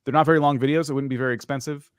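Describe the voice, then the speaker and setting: A man's voice: medium pitch, fairly even intonation, racing, smooth, dry recording. Male host, casual frank reviewer, mid voice, dry close sound. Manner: casual, frank, thinking aloud. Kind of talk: live channel review chat.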